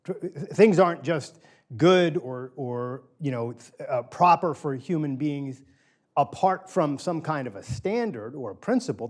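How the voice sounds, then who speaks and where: A middle-aged man lectures a small group in a relaxed, conversational style, his mid-range voice slightly mellow. Speaking in a small room with a live audience, he asks for shows of opinion and keeps restating key phrases to drive them home.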